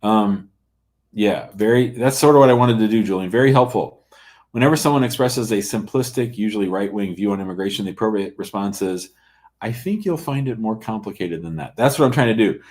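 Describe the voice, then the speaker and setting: A middle-aged man with a lowish, slightly mellow voice speaks briskly while hosting a live call-in show as an immigration lawyer. In a casual live-stream chat, he reads out viewer comments, blunt and joking.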